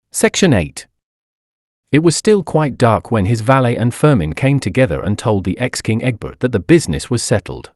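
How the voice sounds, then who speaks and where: This audiobook narration comes from a man reading with drama and expression, his pitch climbing and falling sharply at an ordinary pace. He sits near the microphone, and the recording is dry, free of room sound and echo.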